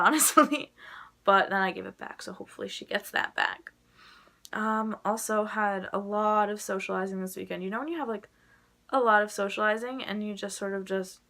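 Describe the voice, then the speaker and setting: A woman's voice: medium pitch, sharp tone. A young adult woman chatting casually to camera in a rambling way, full of "like" fillers. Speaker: vlogger.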